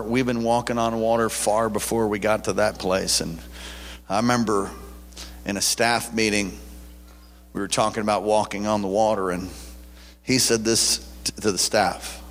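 A man preaching a sermon, telling a story with animated quotes and frequent restarts. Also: lowish voice, normal speed, long pauses, big-room sound. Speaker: pastor.

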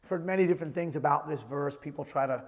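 A man's voice: on the high side, quick pace. A man in his thirties preaching a sermon with emphatic delivery, reading scripture aloud in between. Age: 30s. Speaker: pastor. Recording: long hall reverb.

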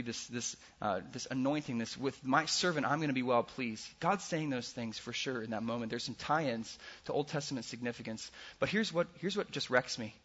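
A man preaching with a bright, forceful edge and a faintly husky grain. He is earnest and swings between loud emphasis and hushed passages. The recording sounds dull and lo-fi. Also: mid-range voice. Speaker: pastor. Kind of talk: sermon.

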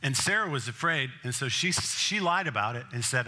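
A man's voice: on the high side, lively intonation, brisk, hardly any pauses, a little hiss or hum. A man preaching a sermon as pastor, telling the story in a conversational way and acting out the scenes. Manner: laughs often, grows emphatic and louder.

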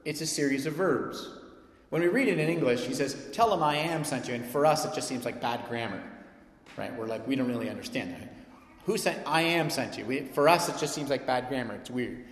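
A man preaching a sermon as pastor, emphatic and animated, swinging from loud peaks to soft, quiet stretches. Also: medium pitch, a little fast. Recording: echoey hall sound.

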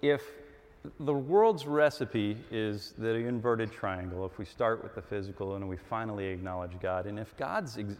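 A middle-aged man preaching a sermon, animated and emphatic, acting out little dialogues as he goes. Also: lowish voice, normal speed. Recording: long hall reverb.

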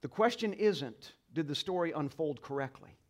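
A male pastor preaching a sermon to a congregation, leading call-and-response, swinging between quiet asides and loud exclamations. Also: a little high, lively intonation, normal speed. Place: church sanctuary.

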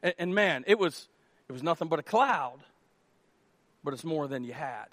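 A man preaching a sermon as pastor, telling stories with animated delivery and rhetorical questions to the congregation. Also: a little high, moderate pace, no echo.

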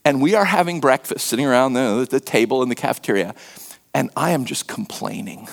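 A man preaching a sermon as pastor, telling stories and acting out quotes, sometimes dropping to a hushed near-whisper for emphasis. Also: brisk, gravelly. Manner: storytelling, acts out quotes with sudden pitch jumps.

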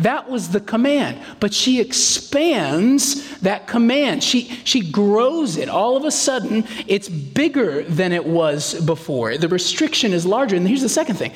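A man preaching a sermon in a lively, animated way, acting out quotes in playful voices. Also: high voice, a little slow, few pauses. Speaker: pastor. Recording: reverberant hall.

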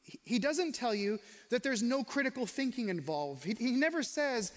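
A man preaching a sermon in a conversational, questioning way, slowing down and speeding up for emphasis. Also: extremely high pitch, very animated, big-room sound. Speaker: pastor.

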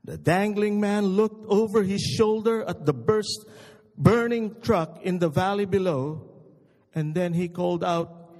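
Slow, high-voiced preacher in an echoey hall. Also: male voice, a little mellow. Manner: slow, emphatic storytelling. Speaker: pastor. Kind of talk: sermon.

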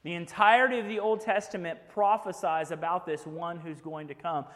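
A man with a notably high voice delivers a sermon from the pulpit, earnest and direct. He keeps checking in with his listeners, and his words ring out with a long hall reverb. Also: fairly even intonation, normal speed, fairly bright tone. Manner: earnest preaching with rhetorical "right?" asides. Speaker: pastor.

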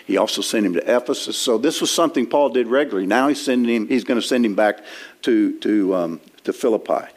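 A man's voice: medium pitch, fast, a little mellow. A man preaching an expository sermon in a church, talking in a conversational way with frequent restarts while he quotes and explains scripture. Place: church sanctuary.

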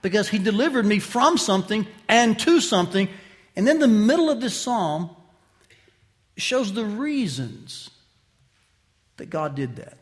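A man preaching an expository sermon, addressing listeners directly with questions and emphatic swings from loud to quiet. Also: high-pitched, very animated, a little slow, long pauses. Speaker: pastor.

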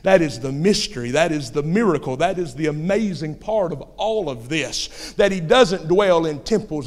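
A man preaching in a church with a fervent, surging delivery that swells into shouts. His voice sits high for a man. The sound carries a long reverberant tail from the hall. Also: lively intonation, moderate pace, few pauses. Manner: impassioned, rising to shouts. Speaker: pastor. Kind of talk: sermon.

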